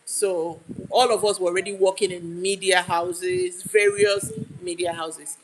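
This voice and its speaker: A woman's voice: lowish voice, level tone, a little slow, noisy background. A Nigerian woman telling a story in a casual livestream, chatty and laughing, often restarting her sentences. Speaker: YouTube live streamer.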